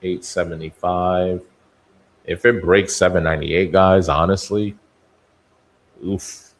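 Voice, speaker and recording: Deep-voiced man calling live stock trades. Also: fairly even intonation, slow, pauses often. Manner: talks to stocks like people, musing and bantering. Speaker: day trading stream host. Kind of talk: live market commentary.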